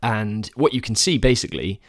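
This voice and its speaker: A man's voice: on the low side, lively intonation, a little fast. A man co-hosting a casual football podcast, ranting animatedly and breaking down tactics like a teacher. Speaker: podcast co-host.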